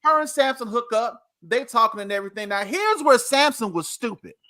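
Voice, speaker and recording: A man with a high, lively voice tells a story to his co-hosts in animated casual chat. He sounds bright and emphatic, and he repeats key points to drive them home. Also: fairly quick. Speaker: podcast host.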